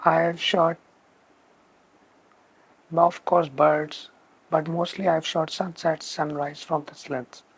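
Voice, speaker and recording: Gravelly, slow-talking man. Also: on the high side, level tone. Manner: emphatic, repeats words for stress. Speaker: photography channel host. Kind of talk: casual spoken lens review.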